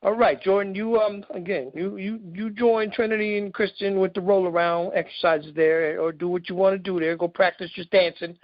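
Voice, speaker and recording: A man hosts a casual interview with a high-pitched voice and a teasing, joking manner. His speech is loose and full of slang. The audio is dry and a little dull, like a lo-fi call. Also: fairly even intonation, normal speed, few pauses, no room sound. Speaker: interview host.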